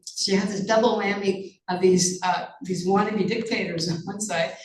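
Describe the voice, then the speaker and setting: With slight background noise and a roomy echo, a Canadian woman, guest author and journalist, sounds a little distant from the mic. Her mid-range voice is steady and moderately paced as she earnestly, intensely answers conversational interview questions, full of fillers and restarts.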